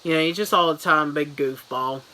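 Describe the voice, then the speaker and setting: A man's voice: on the high side, fairly quick, sharp tone, low-quality recording. A man giving a goofy, rambling mock book review as a comedy vlogger.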